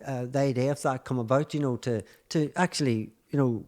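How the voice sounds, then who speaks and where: A man hosting a podcast, asking questions in a halting, easygoing way. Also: medium pitch, darkish tone. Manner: halting, lots of 'uh' and 'aye' fillers. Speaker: podcast host. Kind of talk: casual interview chat.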